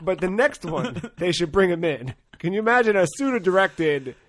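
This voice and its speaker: A man's voice: sits high, expressive, normal speed, a bit bright. A man co-hosting a podcast in casual chat, mostly reacting with short remarks. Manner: brief reactive interjections. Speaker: podcast co-host.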